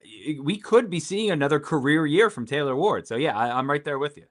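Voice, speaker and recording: Male guest in casual sports chat, slightly higher voice, stammers on restarts, easygoing. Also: lively intonation, a little fast.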